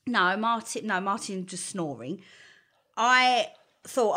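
A woman with a medium-pitched voice talks a little slowly as she tells a story in casual chat. She's an animated storyteller who laughs often and acts out the quotes.

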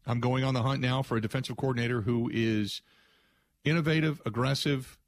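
A man's voice: medium pitch, steady tone, brisk, dry recording. A man hosting a sports talk radio show, giving an emphatic, rambling opinion monologue with frequent restarts. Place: radio studio.

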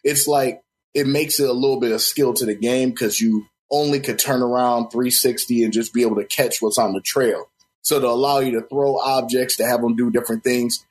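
A man's voice: mid-range voice, fairly even intonation, a little fast, rough recording. A man in casual podcast chat, explaining a video game at length with lots of fillers. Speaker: podcast co-host.

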